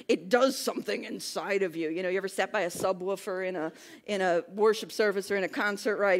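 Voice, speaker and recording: A woman's voice: medium pitch, brisk. A woman in her thirties, a worship pastor, giving a sermon in a chatty, self-deprecating way that builds into emphatic preaching. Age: 30s.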